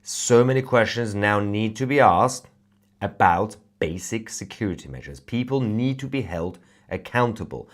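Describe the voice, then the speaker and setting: A man's voice: lowish voice, expressive, moderate pace. A man hosting a live-stream news show, commenting indignantly with many fillers and rhetorical questions. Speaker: online news host.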